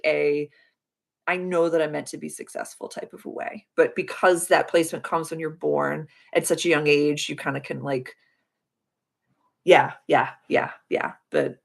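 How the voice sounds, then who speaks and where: A young woman hosting a casual astrology chat, effusive and gushing as she reads viewers' charts. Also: creaky. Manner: effusive, gushing with frequent high excited exclamations. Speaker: astrology livestream host.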